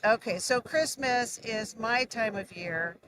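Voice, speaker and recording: A woman's voice: a little high, slow, noisy background. A woman chatting cheerfully as a guest at a busy convention, rambling as she talks. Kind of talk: casual chat. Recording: busy crowd behind. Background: crowd chatter.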